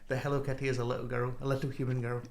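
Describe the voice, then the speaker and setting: Gravelly man explaining earnestly. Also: medium pitch, little pitch movement, very fast. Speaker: podcast co-host. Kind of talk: comedic podcast banter.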